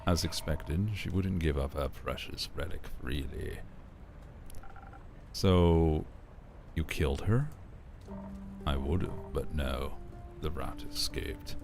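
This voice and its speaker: A man voicing a suave, sly male wanderer with a put-on English-style voice, deep vocal fry and a dry, politely menacing manner. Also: takes it slowly, long pauses, over music, full character voice. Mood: sardonic.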